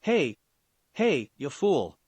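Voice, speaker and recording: A man reading a fan story, voicing a calm, easygoing adult male ninja who talks in rhymes. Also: on the high side, drawn-out words, slightly rough, dry recording, full character voice. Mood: relaxed. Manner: easygoing, rhyming.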